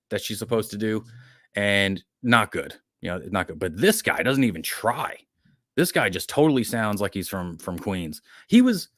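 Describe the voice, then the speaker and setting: A man's voice: fairly low pitch, no room sound, studio quality. A man hosting a podcast, giving a rambling, opinionated movie review in casual chat, with many restarts and fillers. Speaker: podcast host.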